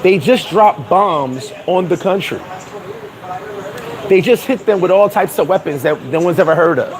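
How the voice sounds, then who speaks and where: A man with a high, lively voice hosts a casual livestream, talking in a blunt, profane and animated way. His pitch leaps around as he reacts to viewer comments and reads them out. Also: normal speed, crowd noise, low-quality recording. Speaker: livestream host.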